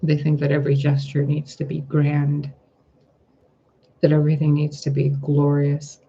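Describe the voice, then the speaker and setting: A man reads tarot cards in a gentle, reflective monologue, his voice gravelly and husky. His tone is dark and mellow, and he stays close to one pitch. The recording sounds dull and lo-fi. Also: completely flat delivery, moderate pace. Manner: gentle, reflective, asks rhetorical questions. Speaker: tarot reader. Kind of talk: spiritual tarot reading monologue.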